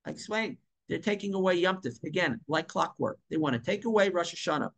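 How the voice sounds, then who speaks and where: A man's voice: high-pitched, animated, brisk, creaky, a bit bright. A man telling a story in a casual monologue, emphatic, repeating and stumbling over words at times. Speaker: online commentator.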